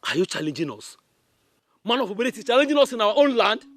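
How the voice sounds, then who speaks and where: A man's voice: high-pitched, very animated, fast talker, fairly bright tone, no room sound, soft background music. A man playing a proud, hostile village chief who mocks and challenges his visitor. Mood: scornful. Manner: scornful, mocking.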